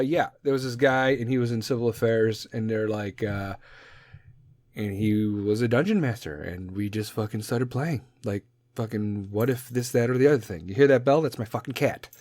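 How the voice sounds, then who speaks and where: Chicago podcast host, forties, swears constantly, swooping animated delivery, dry close sound. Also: male voice, mid-range voice, normal speed, no room sound. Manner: profane, rambling, jokey. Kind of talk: casual rant.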